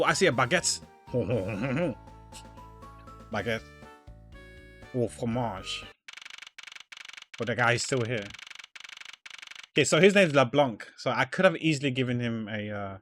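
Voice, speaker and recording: A man's voice: medium pitch, a little slow, pauses often, fairly bright tone. Man rambling through a game stream. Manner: rambling, thinking aloud. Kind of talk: casual let's-play commentary. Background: faint game music.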